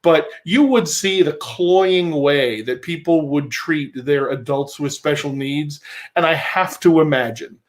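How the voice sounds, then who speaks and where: Brief: sarcastic male livestream co-host, highish voice, ranting comedic commentary. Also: a little slow.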